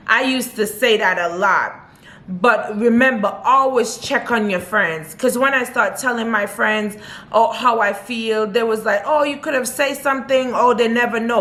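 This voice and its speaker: A woman's voice: on the high side, fairly bright tone. A young woman vlogger talking earnestly and from the heart to her camera, often repeating her advice. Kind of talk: personal talk to camera.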